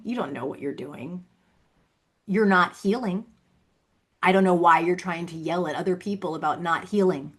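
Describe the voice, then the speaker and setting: A woman's voice: lowish voice, moderate pace, fairly bright tone. A woman speaks straight into the camera in a solo vlog, her tone accusatory and sarcastic. She repeats her points and mocks the person she addresses. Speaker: vlogger. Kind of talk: direct-to-camera monologue.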